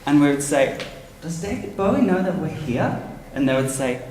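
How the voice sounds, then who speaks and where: A man's voice: a little high, expressive, moderate pace, a little mellow, a little hiss or hum. A man in his thirties, an author, talks chattily and theatrically and laughs often during a book launch interview on stage. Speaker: author guest. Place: event venue before an audience. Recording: roomy hall.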